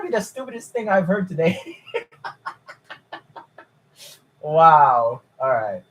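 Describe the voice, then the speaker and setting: A young man chatting casually on a live stream, excitable and incredulous, swearing freely. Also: fairly high pitch, slow, pauses often, low-quality recording.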